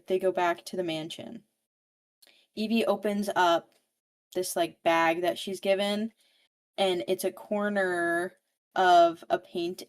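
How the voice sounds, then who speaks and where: A woman recaps a novel in a loose, chatty way, full of "like" and casual swearing. Her voice sits in a plain mid range. She keeps it informal and conversational, as if talking to friends on a podcast. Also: medium pitch. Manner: chatty, swears freely, constant "like". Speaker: book podcast host or guest.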